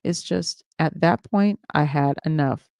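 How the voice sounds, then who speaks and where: A man's voice: a little high, unhurried, vocal fry, no room sound. A man reading the lines of a jealous, violent, controlling partner, mostly in his own voice. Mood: pleading. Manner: angry shouting, then pleading.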